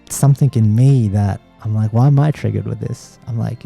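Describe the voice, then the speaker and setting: A man in his thirties thinks out loud in a relaxed conversation, candid and a little rambling as he searches for the point. His voice sits dark and mellow, with quiet music playing underneath. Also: mid-range voice, moderate pace, creaky, few pauses. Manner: candid, rambling, self-reflective. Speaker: podcast co-host. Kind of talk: casual conversation with his partner.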